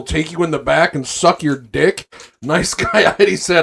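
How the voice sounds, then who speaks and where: A man co-hosting a podcast in casual chat, relaxed, reading quotes aloud with hesitant fillers. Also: on the high side, normal speed, vocal fry. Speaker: podcast co-host.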